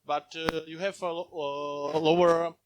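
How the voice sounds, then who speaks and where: Halting man asking follow-up questions. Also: a little high, little pitch movement, noisy background. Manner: halting non-native English with fillers and restarts. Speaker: community contributor asking a question. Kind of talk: conference Q&A question. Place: conference hall.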